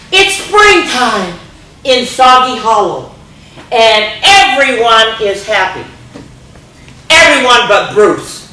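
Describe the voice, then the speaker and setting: Older woman story reader, playful and animated, slow delivery; roomy echo, distant mic. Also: on the high side. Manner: animated, playful, hushing the kids. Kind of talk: reading aloud to children. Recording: echoey room, distant mic.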